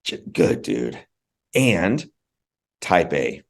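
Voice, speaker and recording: Man, podcast guest with a very deep voice; earnest, heartfelt personal storyteller. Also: very animated, very slow. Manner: earnest, heartfelt, repeats words for emphasis.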